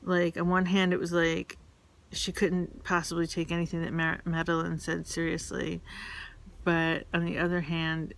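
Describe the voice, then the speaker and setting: Flat, gravelly woman telling stories. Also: on the low side, a little hiss or hum. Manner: rambling and halting, many fillers and restarts; candid, confessional. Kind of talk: casual personal storytelling.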